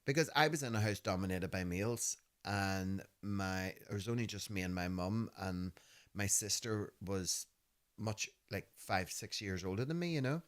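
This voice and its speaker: A man in his fifties with a Belfast accent, co-hosting a podcast and telling animated, laughing stories that act out voices. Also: sits low, normal speed. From Northern Ireland. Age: 50s. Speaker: podcast host. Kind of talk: casual storytelling chat.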